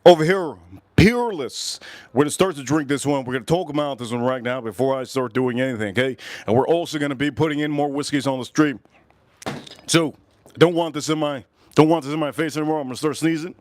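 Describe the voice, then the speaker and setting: A man hosting a casual livestream whiskey review, talking excitably and rambling straight to his viewers. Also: a little high, a little fast, a little hiss or hum.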